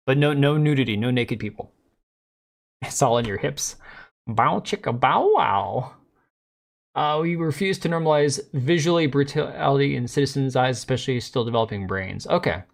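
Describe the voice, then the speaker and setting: A man in his forties holds forth on a live stream in a loose, chatty way. He jokes with a sarcastic edge and reads and answers chat as he goes, and his voice sits at an ordinary mid pitch. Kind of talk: casual live-stream commentary.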